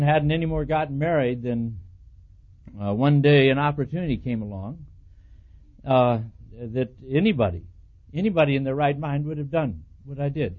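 A man with a high voice preaches a sermon, telling animated personal stories and acting out both sides of the dialogue. The recording is dull and lo-fi. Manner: animated storytelling, acts out quoted dialogue, chuckles at himself.

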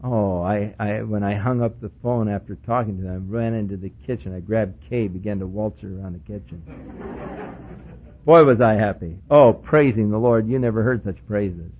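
A man preaching a sermon, telling a personal story and acting out the dialogue, dropping to quiet murmurs and rising to excited bursts. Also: lowish voice, normal speed, dull audio, slight background noise. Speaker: pastor.

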